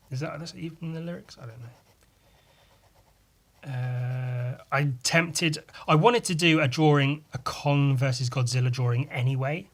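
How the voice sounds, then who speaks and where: A man's voice: medium pitch, a little slow. A man hosting his own podcast, chatting casually on his own as he flips through sketchbook pages, rambling, swearing freely and going off on silly asides. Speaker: podcast host. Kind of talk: casual solo chat while flipping through sketchbooks.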